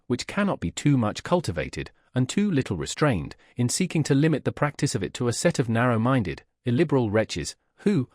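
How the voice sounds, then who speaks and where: A man voicing a cunning young male adventurer posing as a physician, measured, haughty and eloquent. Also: medium pitch, darkish tone, no room sound, studio quality.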